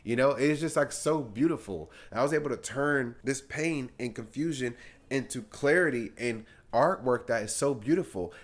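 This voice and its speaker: Young man, casual vlog, earnest, encouraging, repeats himself, mid-pitched voice. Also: normal speed. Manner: earnest, encouraging, repeats phrases, says "literally" and "like" often. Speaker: vlogger. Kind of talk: casual advice talk while getting ready.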